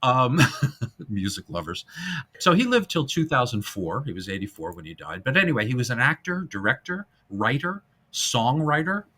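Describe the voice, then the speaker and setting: A man hosting a casual film-history podcast, animated and jokey, now and then breaking into silly voices. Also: medium pitch, moderate pace, breathy edge. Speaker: podcast host.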